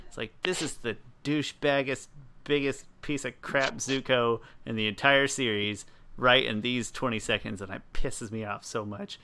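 A man co-hosting a casual podcast, ranting frankly about a cartoon character, sarcastic and quick to apologize. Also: medium pitch, pushed and bright, clear, resonant tone. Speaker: podcast co-host. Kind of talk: casual recap chat.

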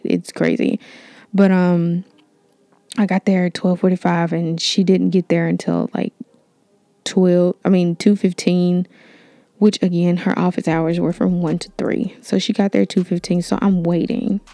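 A young woman hosting a podcast, telling a story in a casual, animated way with lots of fillers. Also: fairly low pitch, no room sound. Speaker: podcast host. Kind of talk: storytime monologue.

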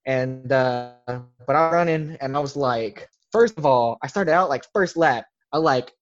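A man's voice: mid-range voice, a little slow, muffled recording. A young man, a podcast guest, telling a casual story in a rambling way, full of filler words. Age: young adult.

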